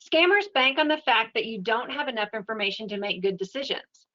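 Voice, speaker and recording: A woman giving an educational webinar talk in a steady, explanatory, conversational way. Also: on the high side, a little fast, highs cut off. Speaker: webinar presenter.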